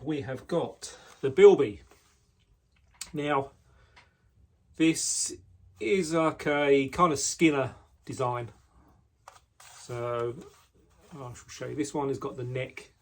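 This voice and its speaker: A man casually showing the knives he makes, talking in a relaxed way with frequent ums and restarts, indoors in his workshop. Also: medium pitch. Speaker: knife maker. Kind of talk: casual product walkthrough.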